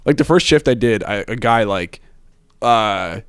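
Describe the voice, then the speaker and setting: A young man chats loosely, his pitch rising and falling a lot as he tells a long story full of "like" and restarts. The recording is close and dry, with no room sound around him. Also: expressive, a little slow, clear, resonant tone, no room sound. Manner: rambling storyteller, many fillers and restarts. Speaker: podcast host. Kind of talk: casual chat.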